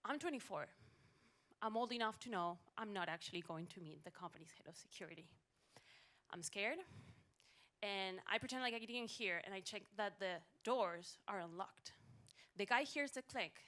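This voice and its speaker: Bright woman telling a comic story. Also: mid-range voice. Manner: animated, with wry comic timing. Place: stage at a live story event.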